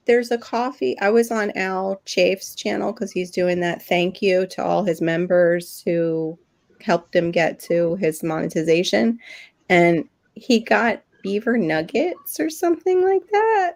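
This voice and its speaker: A woman's voice: mid-range voice, expressive, a little slow, creaky, darkish tone. A middle-aged woman co-hosting a livestream, chatting casually with rambling asides and frequent laughs. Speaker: livestream co-host. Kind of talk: casual chat.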